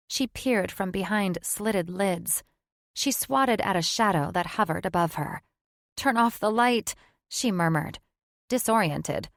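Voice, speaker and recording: A woman reading a fantasy audiobook in scripted narration, measured and even. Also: medium pitch, no echo, clean studio sound.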